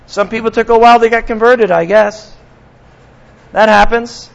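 A man's voice: high voice, fairly even intonation, moderate pace, creaky, long pauses, low-quality recording. A man preaching a sermon as pastor, talking conversationally to his congregation and slipping in sarcastic asides.

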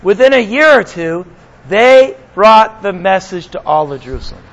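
A man's voice: high voice, animated, normal speed, low-quality recording. A man preaching a sermon as pastor, talking conversationally to his congregation and slipping in sarcastic asides.

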